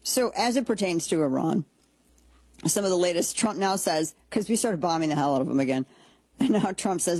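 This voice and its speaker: A woman's voice: lowish voice, lively intonation, moderate pace, dark tone, breathy edge, no room sound. A woman hosting a political talk show. She gives opinionated commentary in a sarcastic, blunt and jokey way, and often restarts her sentences.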